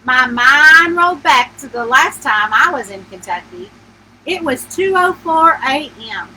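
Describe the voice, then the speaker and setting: A woman author reads her own novel aloud at home, a bedtime story told in an animated first-person voice. Her pitch sits high and swings widely, with a bright, forward tone. A faint background hiss lies beneath the reading. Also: a little slow, rough recording. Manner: animated first-person narration, voicing the heroine with feeling.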